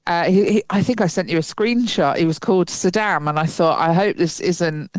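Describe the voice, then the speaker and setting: A woman's voice: lowish voice, moderate pace. A woman co-hosting a podcast, chatting casually and telling a story with lots of laughter and acted-out quotes. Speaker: podcast co-host. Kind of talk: casual chat.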